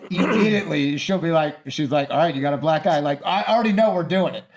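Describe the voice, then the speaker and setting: Animated man telling stories on a podcast. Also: fairly high pitch, quick pace. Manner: animated storyteller, acts out voices. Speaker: podcast co-host. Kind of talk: casual chat.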